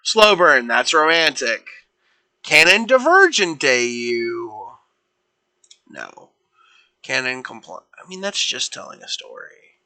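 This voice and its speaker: A man's voice: medium pitch, sharp tone. A young man streaming, improvising fan fiction in a rambling, playful way that keeps correcting itself. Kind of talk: casual improvised storytelling.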